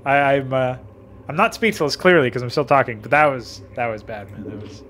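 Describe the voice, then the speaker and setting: A man's voice: medium pitch, animated, a little fast, a bit bright, a little hiss or hum. Self-mocking young man swearing. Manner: self-mocking, swears a lot, laughs often. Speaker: game designer reviewing his own campaign. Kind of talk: casual gameplay commentary.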